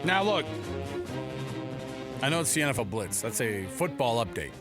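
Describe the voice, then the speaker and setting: A man's voice: mid-range voice, sing-song, moderate pace, loud music behind the voice. A man hosting a casual sports talk radio show in a studio, joking and playful. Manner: joking, playful, does voices.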